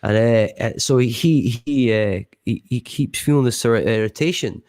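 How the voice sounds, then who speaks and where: Gravelly guy rambling through a sweary story on a podcast, restarts a lot. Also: mid-range voice, normal speed, a little mellow, dry recording. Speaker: podcast guest. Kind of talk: casual storytelling.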